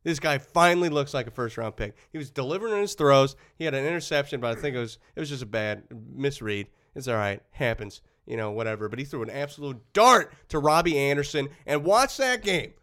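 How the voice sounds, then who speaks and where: A man co-hosting a casual sports podcast, talking in an animated, heated way with a slightly runny nose. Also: medium pitch, brisk, few pauses. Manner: animated, heated ranting with laughs. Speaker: podcast co-host.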